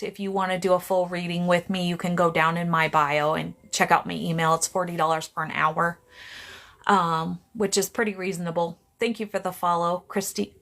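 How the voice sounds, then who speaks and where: A woman streaming psychic readings live from home on her phone, her voice bright and forward. She talks in a loose, chatty way, starting sentences over and breaking off to greet viewers by name. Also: lowish voice.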